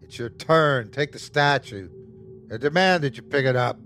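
A man's voice: medium pitch, lively intonation, measured pace, a bit bright, soft background music. A man putting on a menacing, domineering gunman. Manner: commanding, threatening.

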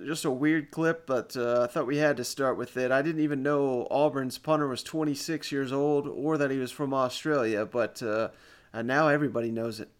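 A man hosting a casual sports podcast, upbeat and quick to laugh. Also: mid-range voice, fairly even intonation, clean tone. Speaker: podcast host.

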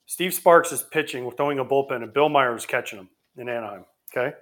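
A man, a former ballplayer co-hosting a podcast, telling a story in an animated, excitable way. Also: medium pitch, fairly quick. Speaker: former pro baseball player, co-host.

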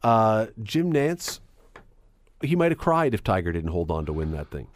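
A man's voice: lowish voice, very animated, moderate pace. A man hosting a radio sports talk show, chatting casually with many restarts and easy laughs.

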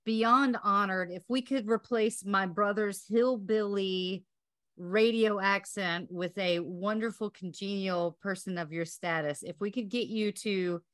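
A woman's voice: mid-range voice, steady tone, unhurried, a bit bright, no echo. A woman hosting a podcast, chatting effusively and giggling. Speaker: podcast host. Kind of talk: casual chat.

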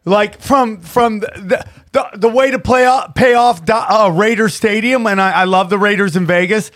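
A man's voice: high voice, normal speed, a bit bright. A man co-hosting a podcast, ranting emphatically in casual chat. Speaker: podcast co-host.

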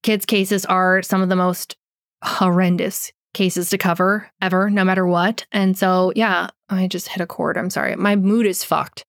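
With a fairly low pitch and flat delivery at a moderate pace, this true crime podcast host narrates and then rants unscripted in her outro. She's blunt, swears heavily, and says her voice is going; the studio sound is clean with no room sound.

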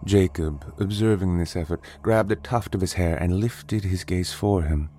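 A man narrating a horror story in a steady, deliberate, dramatic way. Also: sits low.

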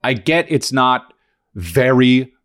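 A man co-hosting a chatty podcast with a voice of middling pitch. He talks in loose, animated bursts full of swearing and restarts, as if telling a friend about his week. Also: takes it slowly. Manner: animated, swears often, restarts mid-sentence. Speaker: podcast co-host. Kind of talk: casual chat.

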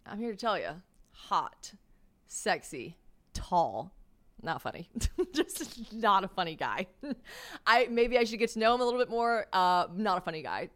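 A young woman hosting a podcast, telling a story in a casual, animated way, full of "like" fillers, self-mocking asides and acted-out dialogue. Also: mid-range voice, normal speed, pauses often. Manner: chatty and animated, lots of "like" fillers, acts out quoted dialogue. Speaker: podcast host.

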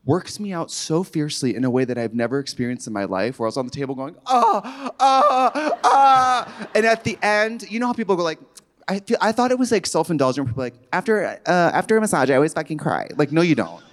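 A man co-hosting a live comedy show on a theater stage, telling campy, animated stories. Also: on the high side, fast talker. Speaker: comedy podcast co-host.

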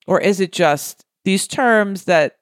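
A woman's voice: medium pitch, slow, no echo, studio quality. A woman co-hosting a casual talk show, working through a listener's problem by asking herself questions. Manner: thoughtful, asks herself questions. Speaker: podcast co-host. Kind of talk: casual chat.

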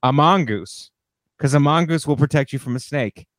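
A man, a comedian guest on a podcast, telling rambling deadpan stories with fillers. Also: on the high side, normal speed, dry recording, studio quality. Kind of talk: casual comedic podcast banter.

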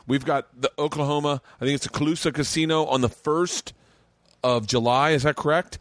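A man hosting his own comedy podcast, talking loosely and fast, swearing often and rambling with excitement. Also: on the high side, no room sound. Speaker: podcast host and stand-up comic. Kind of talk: casual podcast chat. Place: home studio room.

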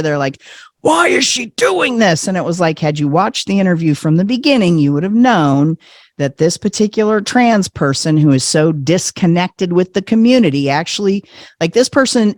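Lively storytelling man, dry sound. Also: fairly high pitch, no echo. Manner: animated, laughs often, acts out quoted voices. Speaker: podcast guest. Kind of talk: conversational storytelling.

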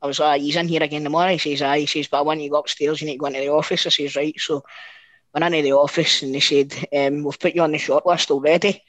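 A middle-aged Scottish man with a fairly high voice tells a rambling anecdote, full of swearing and false starts. The sound is close and dry, with no room around it. He keeps the tale going with lively energy. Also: fast, dry recording, rough recording. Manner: animated, sweary, restarts often. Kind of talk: casual storytelling chat.

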